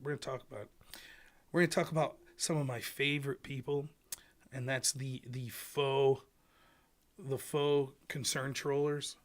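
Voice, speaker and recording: A man from rural Pennsylvania hosting a political livestream, sarcastic and animated, rambling through his commentary. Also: mid-range voice, moderate pace. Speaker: livestream host.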